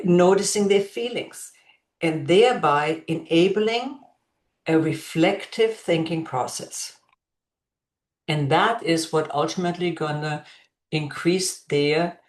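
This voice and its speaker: A woman educator giving an instructional talk to parents, speaking slowly and deliberately and gently modeling what to say to a child. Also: on the low side. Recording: echoey room.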